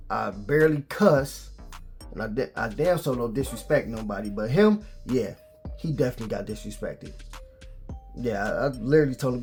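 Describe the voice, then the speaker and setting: A man vlogging, retelling a story in a casual, animated and exasperated way. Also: mid-range voice, husky.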